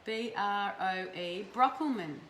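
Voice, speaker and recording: A woman's voice: mid-range voice, slow pace, a bit bright. An Australian woman hosting a live stream of energy readings, casual and affectionate, swearing freely. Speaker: host giving energy readings. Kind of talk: live-stream chat with viewers. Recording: roomy echo, faint background noise.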